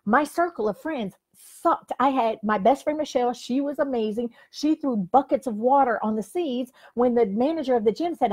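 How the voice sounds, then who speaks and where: A woman's voice: on the high side, moderate pace, few pauses, a little mellow, slightly rough. An older woman who coaches people, giving a frank, emphatic motivational talk to a camera and saying "like" often. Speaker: life coach. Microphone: facing the camera.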